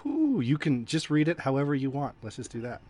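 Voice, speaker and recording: A man hosts a casual podcast chat with friends. He talks loudly and playfully, laughing often, at an ordinary middle pitch. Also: big pitch swings, brisk. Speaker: podcast host.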